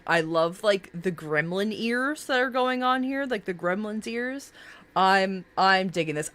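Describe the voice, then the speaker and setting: A woman's voice: fairly low pitch, fairly bright tone. A woman streamer in casual live-stream chat, reacting to viewers' characters in a bubbly, gushing way with many fillers.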